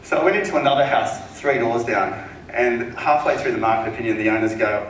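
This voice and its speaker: A man telling a casual, animated sales story at a seminar, acting out the voices of the people in it. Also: medium pitch, fast, slight background noise. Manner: casual, animated anecdote-telling with acted quotes. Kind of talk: storytelling talk to an audience. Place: seminar room. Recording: echoey hall, mic at a distance.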